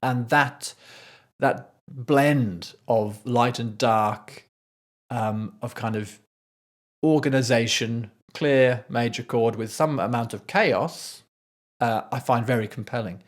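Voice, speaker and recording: A man's voice: medium pitch, slow. A man, a composer, talking through a piece of music in casual commentary, thoughtful, with frequent restarts and sung rhythms. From Scotland.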